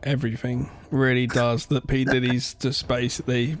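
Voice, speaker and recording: A man's voice: mid-range voice, flat delivery, normal speed. A man co-hosting a podcast, joking and swearing in casual chat. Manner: joking, swears, laughs along. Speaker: podcast co-host.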